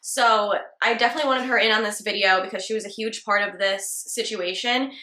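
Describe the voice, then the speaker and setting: A woman's voice: mid-range voice, fairly even intonation, a little fast, sharp tone, echoey room. A young woman, a hairstylist, telling a casual storytime with many filler words. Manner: chatty, lots of "like" fillers. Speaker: hairstylist and channel host.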